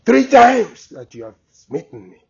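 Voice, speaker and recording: A preacher voicing a pleading talking donkey. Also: male voice, very high-pitched, very animated, unhurried, creaky, a little mellow, slightly rough, heavily acted. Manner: plaintive, pleading. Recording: dull lo-fi recording.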